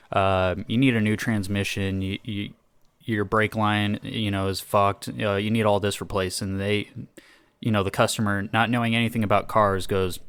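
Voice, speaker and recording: A man's voice: on the low side, fairly bright tone, smooth, no room sound. A young man co-hosting a podcast, telling stories in casual chat in an exasperated, swearing tone. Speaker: podcast co-host.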